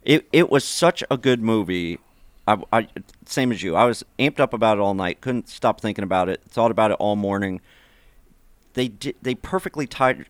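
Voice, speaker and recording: A man's voice: fairly low pitch, normal speed, no room sound. A man co-hosting a radio show in casual chat, laid-back and agreeable. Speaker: radio co-host.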